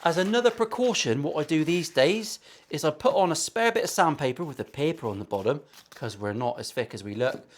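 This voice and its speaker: Brisk and expressive, with a slightly high voice, this English luthier in his forties talks viewers through a build in his workshop. His West Country accent carries a stream of cheeky, self-deprecating banter peppered with swearing.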